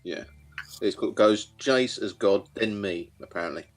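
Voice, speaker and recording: A man's voice: on the low side, normal speed, soft background music. A man playing in a tabletop game, joking around with the group. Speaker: player.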